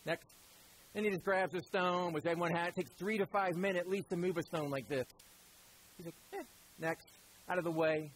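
Husky-voiced man preaching a sermon. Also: high voice, steady tone, fast, poor audio. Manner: conversational storytelling, addresses listeners as "guys".

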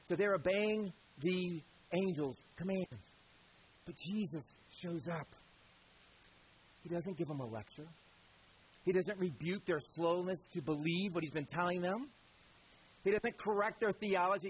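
A man preaching a sermon as pastor, animated and conversational, with a Southern American accent, sometimes dropping to quiet emphatic lines. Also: sits high, moderate pace, slightly rough, low-quality recording.

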